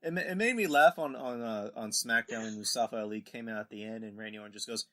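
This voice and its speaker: Bright-voiced man recapping wrestling. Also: on the low side, quick pace, hardly any pauses. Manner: rambling recaps, acts out quotes in put-on voices. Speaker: podcast host. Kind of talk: casual wrestling podcast chat.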